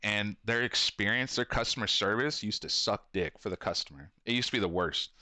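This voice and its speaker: A man's voice: on the low side, brisk, bright, forceful tone, no echo. Rambling, foul-mouthed man. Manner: rambling, swears a lot, acts out quotes. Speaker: podcast host and shop owner. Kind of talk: casual profane monologue.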